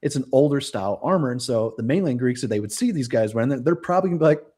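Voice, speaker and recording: A man's voice: medium pitch, animated, racing, warm tone. A young man hosting a casual live stream, rambling with lots of fillers and self-corrections. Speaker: host.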